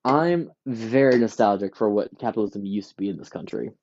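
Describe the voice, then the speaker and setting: A podcast host, ranting casually and profanely, acting out quick voices for companies and shoppers. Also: male voice, on the low side, darkish tone, highs cut off, slight background noise. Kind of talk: casual rant.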